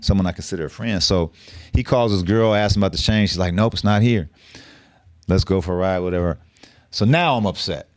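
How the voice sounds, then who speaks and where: A man's voice: low-pitched, brisk, no room sound. A middle-aged man from the Bay Area, a guest telling his story in a blunt, profane, streetwise way. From San Francisco Bay Area. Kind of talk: casual storytelling interview.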